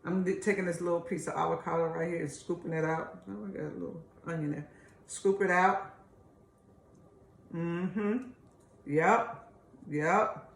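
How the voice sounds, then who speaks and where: A woman's voice: on the low side, steady tone, measured pace, vocal fry, pauses often. A woman hosting a casual home cooking video, chatty and homey, calling her viewers y'all. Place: home kitchen. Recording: echoey kitchen room.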